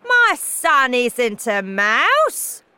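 A woman voicing an angry, blustering father who shouts his lines. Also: high voice, big pitch swings, drawn-out words, clean tone, no room sound, pitched above the performer's own voice, heavily acted. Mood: angry shouting.

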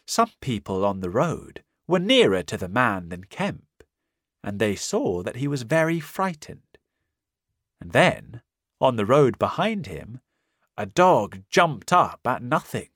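A man narrating a simplified storybook in a slow, clear, careful reading. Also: medium pitch, big pitch swings, fairly bright tone, no echo, studio quality. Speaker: audiobook narrator. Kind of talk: scripted narration of a simplified reader.

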